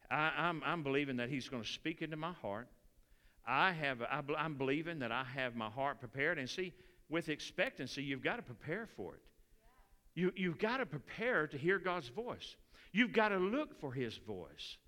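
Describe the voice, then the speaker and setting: A man preaching a sermon in a church, animated and folksy, repeating phrases. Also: on the high side, moderate pace. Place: church sanctuary. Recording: church hall reverb.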